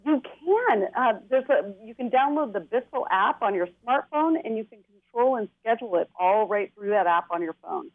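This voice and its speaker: A woman's voice: fairly high pitch, animated, normal speed, few pauses, no echo. An enthusiastic woman talks through gadgets as an expert guest on a TV segment. Her voice comes in thin and tinny over a phone line, dry with no room sound. She sounds bubbly and laughs easily. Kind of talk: TV segment interview, product rundown.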